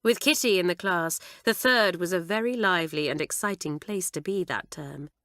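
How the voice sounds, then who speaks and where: A woman reading a children's audiobook aloud in an expressive way, close to the mic. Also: lowish voice, normal speed, no echo. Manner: expressive, animated. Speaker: audiobook narrator.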